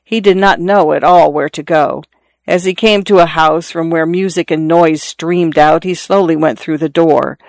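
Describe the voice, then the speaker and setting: A narrator reading a literary story aloud in a measured, even storytelling manner. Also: mid-range voice, dry recording.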